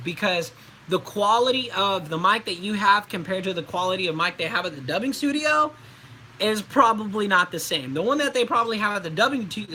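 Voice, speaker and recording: A man's voice: high voice, pushed and bright, slight background noise, poor audio. A young adult man, a voice actor, giving casual livestream tips in a chatty, loose way, with many fillers and restarts.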